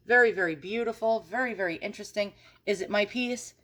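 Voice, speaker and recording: A woman's voice: mid-range voice, brisk, fairly bright tone. A woman hosting an antiques channel, talking casually and frankly as she browses listings on her computer, swearing mildly and stumbling over French words. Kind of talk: casual screen-recorded research commentary.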